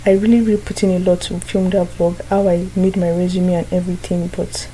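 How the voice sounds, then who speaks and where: A young woman talks to her camera in an earnest, chatty way. Her voice is mellow and fairly flat in pitch, with faint room noise behind her. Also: brisk, low-quality recording. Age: young adult. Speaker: vlogger. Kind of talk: casual vlog talk to camera.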